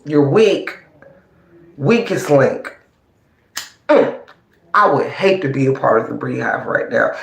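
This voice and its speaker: Mocking profane ranter, gravelly voice. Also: mid-range voice, big pitch swings, measured pace, pauses often. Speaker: online commentator. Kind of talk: ranting livestream commentary. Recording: roomy echo.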